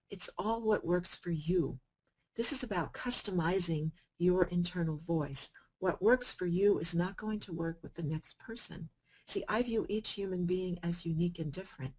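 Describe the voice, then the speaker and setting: A woman giving a coaching self-help talk to a group, switching between calm explanation and sudden loud, playful emphasis. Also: lowish voice, breathy edge, low-quality recording.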